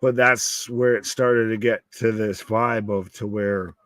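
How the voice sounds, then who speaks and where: A man's voice: on the low side, steady tone, unhurried, a bit bright, no echo. A man co-hosting a live wrestling watch-along stream, chatting casually in a rambling, jokey way and swearing freely.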